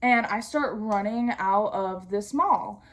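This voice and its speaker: A woman's voice: mid-range voice, slow, fairly bright tone. Slangy young woman telling a storytime. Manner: slangy and profane, with comic asides. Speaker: vlogger. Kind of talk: casual storytime while doing skincare.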